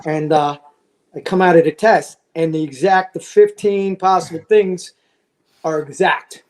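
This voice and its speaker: A man's voice: a little high, fairly even intonation, unhurried. A man in his sixties, a retired fire lieutenant, telling casual stories as a podcast guest and acting out the voices of people he quotes. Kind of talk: casual storytelling.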